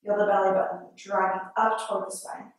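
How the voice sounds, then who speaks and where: A woman yoga instructor leading a class with steady step-by-step breathing and movement cues in a yoga studio. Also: medium pitch, a little fast. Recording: very echoey studio, mic far off.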